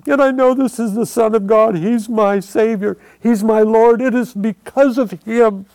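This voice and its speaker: A man earnestly telling his own near-death story in a slow, emotional testimony. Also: high voice, steady tone, a little mellow. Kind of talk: personal testimony.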